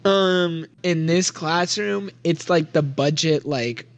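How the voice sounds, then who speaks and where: A man's voice: on the high side, takes it slowly, dull audio. A young man narrating as game master of a tabletop role-playing game, giggly and rambling with lots of fillers. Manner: giggly, rambling with many likes.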